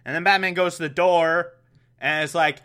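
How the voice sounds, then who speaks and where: A man recaps an episode in a loose, rambling way, full of sarcastic asides. His voice is bright and sharp. It sits a little higher than most men's. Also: fairly even intonation, moderate pace. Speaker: show recapper. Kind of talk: casual recap.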